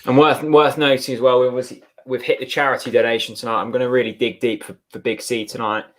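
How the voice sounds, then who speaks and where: Rambling football fan. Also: male voice, mid-range voice, little pitch movement, fast talker, a bit bright. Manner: rambling, grateful, full of fillers. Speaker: fan channel co-host. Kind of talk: casual watchalong chat.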